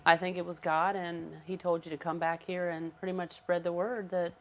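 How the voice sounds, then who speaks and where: Low-voiced woman hosting a chat. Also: flat delivery, normal speed, a little hiss or hum. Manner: encouraging, emotional. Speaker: host. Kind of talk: casual interview.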